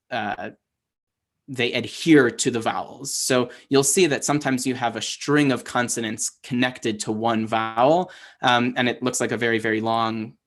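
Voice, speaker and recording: A man teaching a language class over a video call, explaining patiently and often checking in with his students. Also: mid-range voice. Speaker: Hebrew teacher. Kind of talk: online class lesson.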